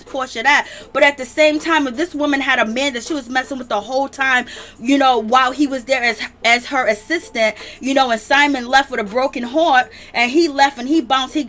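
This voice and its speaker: A woman hosting a casual livestream gossip show, drawling and animated, calling her viewers "baby". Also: sits high. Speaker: celebrity gossip host.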